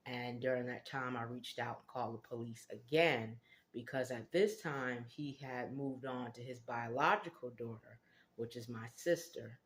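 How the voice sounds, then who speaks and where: A woman from Connecticut, hosting her own channel, telling a personal story in an earnest, reflective way with frequent filler pauses. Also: extremely low pitch, slight background noise. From Connecticut, United States. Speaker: channel host.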